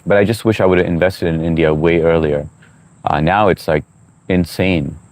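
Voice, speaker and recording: A man's voice: low voice, steady tone, moderate pace, a little mellow. A middle-aged man hosting a casual livestream outdoors, reading viewer comments aloud, joking and chatting while he eats. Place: outdoors on a walk.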